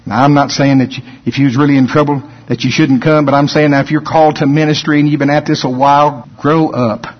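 Pastor, male, high voice, preaching sermon, hall echo. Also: steady tone, quick pace, lo-fi sound. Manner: preaching, building to shouted emphasis.

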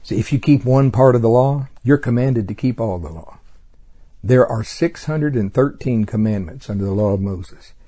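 A man preaching a sermon with fervor, breaking into exclamations of praise and swinging from loud emphasis to quiet asides. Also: medium pitch, moderate pace, slightly rough.

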